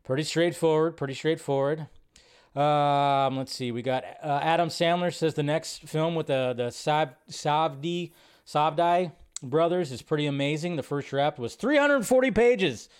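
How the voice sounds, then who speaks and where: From a home setup at his computer, a man hosts a casual live movie news show, chatty and rambling, thinking aloud with fillers as he scrolls. His voice is a little high and clean, at a measured pace.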